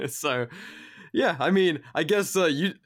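A man's voice: on the high side, lively intonation, takes it slowly. A man from England with an English accent, co-hosting a casual podcast chat, laughing often and swearing freely. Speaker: podcast co-host.

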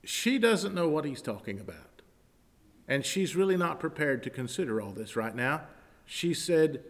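A man preaching a sermon, reading scripture aloud and explaining it, often building to loud emphatic passages. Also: fairly high pitch, sing-song, normal speed. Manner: reads scripture aloud in King James wording, then explains it. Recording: long hall reverb.

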